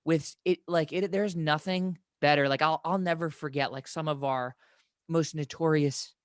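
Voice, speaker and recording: Excitable host with a dry close sound. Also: male voice, on the high side, moderate pace, clear, resonant tone, no room sound. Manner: excitable, stumbling restarts, swears freely. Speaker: podcast host. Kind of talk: casual podcast chat.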